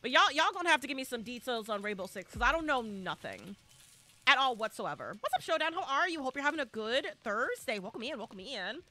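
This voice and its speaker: A woman streaming a horror game live, giving excitable commentary full of loud exclamations and repeated cheers. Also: high-pitched, fairly quick.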